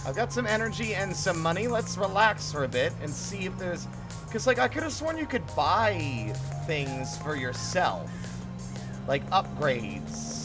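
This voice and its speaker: A male streamer with a slightly high, very lively voice, joking and cursing as he chats with viewers during a live game. Game music plays clearly behind him. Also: normal speed. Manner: joking, swears freely, talks to chat. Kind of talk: casual live gameplay chat.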